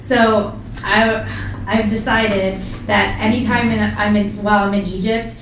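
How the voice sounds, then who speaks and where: A woman's voice: medium pitch, little pitch movement, measured pace. A woman co-hosting a casual radio show, chatty and jokey, laughing often. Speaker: podcast co-host. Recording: echoey room, mic at a distance, faint noise.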